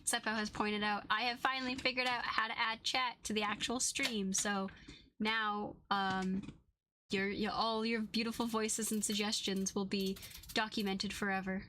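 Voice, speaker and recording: A woman's voice: mid-range voice, little pitch movement, moderate pace, sharp tone, a little hiss or hum. A woman streamer chatting playfully and bubbly with her viewers. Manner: playful, bubbly talking to chat. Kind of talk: casual game stream chat. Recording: game music behind voice.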